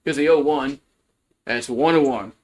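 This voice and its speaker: A man's voice: medium pitch, normal speed. A man giving casual, rambling play-by-play of a college baseball game on a livestream, full of fillers and restarts. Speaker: fan play-by-play host.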